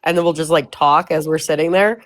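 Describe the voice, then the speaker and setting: A woman's voice: low voice, steady tone, a little fast, dry recording. A woman in her forties chatting casually on a livestream, easygoing and swearing offhandedly. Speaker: mother of teenagers on a livestream. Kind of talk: casual chat.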